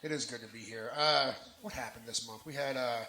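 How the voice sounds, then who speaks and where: A stand-up comedian from New Jersey performs live on a bar lounge stage, speaking a little fast in a medium-pitched voice. He's brash and profane, working the crowd into his punchlines, and the roomy bar is filled with crowd noise.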